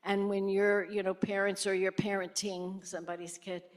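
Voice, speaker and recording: Animated older woman telling a story. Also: moderate pace. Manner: animated, acts out quoted voices with sharp jumps in pitch. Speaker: former senator speaking at a lecture. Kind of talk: conversational storytelling on stage.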